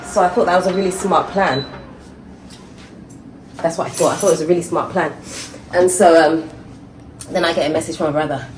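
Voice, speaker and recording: A woman's voice: lowish voice, fairly even intonation, a little fast, pauses often, background noise. A middle-aged woman, chatting and laughing to camera as a vlogger, recorded on a handheld phone. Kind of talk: casual chat to camera. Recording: music playing over the voice.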